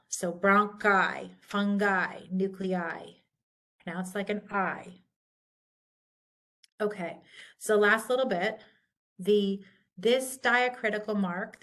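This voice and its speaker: A woman's voice: mid-range voice, a bit bright. A woman instructor giving a recorded lecture, patiently walking through pronunciation rules. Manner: patient, slow and deliberate, contrasting correct and wrong pronunciations.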